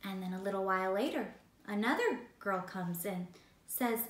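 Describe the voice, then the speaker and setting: A woman teaching a Bible story lesson with animated, playful storytelling. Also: medium pitch, moderate pace, echoey room, far from the mic.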